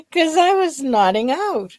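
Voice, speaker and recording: Slow, reflective woman co-host. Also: high voice, very animated, a little mellow, no room sound. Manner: slow, reflective, thinks aloud. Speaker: podcast co-host. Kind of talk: casual chat.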